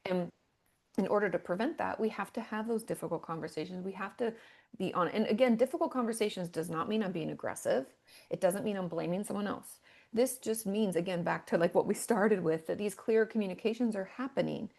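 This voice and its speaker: Gravelly, candid woman therapist. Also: mid-range voice, fairly quick, a little mellow. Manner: candid, chatty, many filler words. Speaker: therapist guest. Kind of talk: casual podcast chat.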